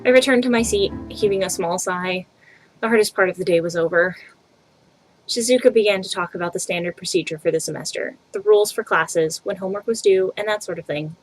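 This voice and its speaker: A woman's voice: mid-range voice, fairly quick, soft background music. A young woman reading a visual novel aloud, tossing in casual asides between the narration. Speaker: let's play reader.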